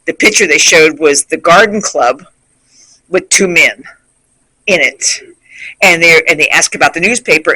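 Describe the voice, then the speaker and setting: Bright-voiced man explaining a picture. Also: a little high, normal speed, pauses often, slightly rough, no echo, rough recording. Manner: explains what the picture showed.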